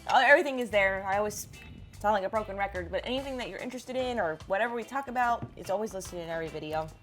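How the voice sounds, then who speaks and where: A woman's voice: mid-range voice, fairly bright tone, soft background music. A woman hosting a fishing vlog, chatting upbeat and giggly as she tastes food and signs off. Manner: upbeat, giggly, quick sign-offs. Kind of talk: casual vlog chat.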